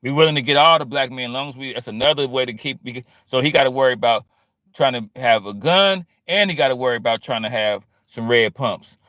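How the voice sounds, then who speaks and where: A man's voice: medium pitch, fairly quick, pushed and bright, no echo, studio quality. A man talking in a rambling, streetwise monologue, full of slang, who keeps drifting into quoting other people. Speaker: vlogger. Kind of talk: casual monologue.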